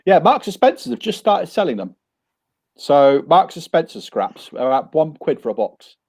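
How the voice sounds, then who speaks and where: A man in casual conversation, telling a lively anecdote with frequent restarts and repeated words. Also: on the high side, normal speed, slightly rough. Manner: animated anecdotal storytelling with many restarts. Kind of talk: casual chat.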